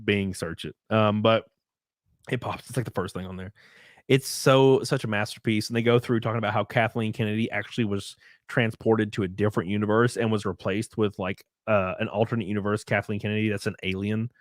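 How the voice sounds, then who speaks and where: A man's voice: on the low side, fairly even intonation, fairly quick, dry recording, studio quality. A man hosting a casual talk stream, recapping a TV episode in a rambling way full of "like" and "um". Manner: rambling, filler-heavy retelling. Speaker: streamer host. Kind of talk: casual podcast chat.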